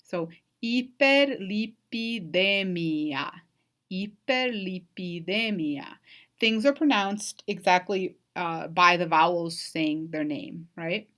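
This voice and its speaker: A woman's voice: fairly low pitch, measured pace, few pauses, a bit bright. A woman giving a recorded online lecture as a Spanish instructor, explaining vocabulary patiently and checking in with frequent "right?" and "um".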